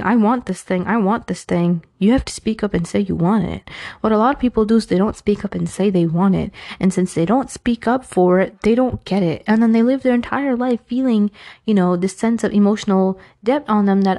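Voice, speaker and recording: New York-accented woman, frank chatty advice talker with self-aware humor, mellow tone, medium pitch. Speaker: advice speaker. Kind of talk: casual Islamic advice talk.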